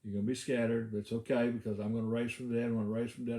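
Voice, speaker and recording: A man's voice: medium pitch, flat delivery, rapid-fire, dark tone, echoey room. A male pastor giving a casual devotional Bible teaching, talking conversationally with many "uh" fillers and restarts.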